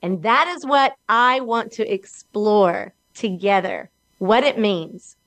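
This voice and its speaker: A middle-aged woman with an Alabama Southern accent, hosting her own talk show in a slow, earnest, motivational way. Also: medium pitch, fairly bright tone, no room sound. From Alabama, USA. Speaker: podcast host.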